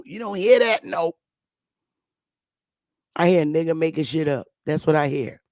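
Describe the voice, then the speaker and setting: A woman's voice: deep voice, normal speed, dry recording, clean studio sound. A woman hosting a live stream, ranting with emphatic, profane talk and repeating the same rhetorical questions. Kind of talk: heated live-stream rant.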